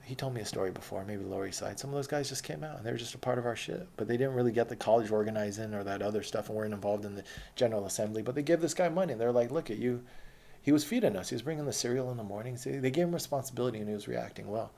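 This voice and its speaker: A man's voice: mid-range voice, very fast, vocal fry, warm tone, a little hiss or hum. A man telling a rambling, profane, streetwise story from his own life in casual speech.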